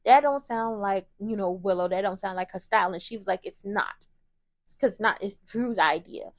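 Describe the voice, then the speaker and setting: A woman's voice: mid-range voice, moderate pace, dry recording, studio quality. A woman hosting a casual soap opera recap, blunt and opinionated, swearing freely as she retells scenes in quoted lines.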